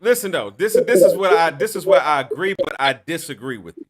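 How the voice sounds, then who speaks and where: A man's voice: a little high, a little fast, a loud crowd. A man hosting a podcast discussion, talking over others and pushing to be heard. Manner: interrupting, loud, urging calm. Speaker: podcast host. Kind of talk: heated casual debate.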